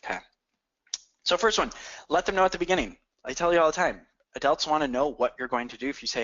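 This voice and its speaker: A man leads a sales training session and speaks straight to his listeners. He talks quickly with lots of punchy energy. The audio sounds dull and lo-fi. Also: fairly high pitch. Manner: energetic, coaching, addresses listeners directly.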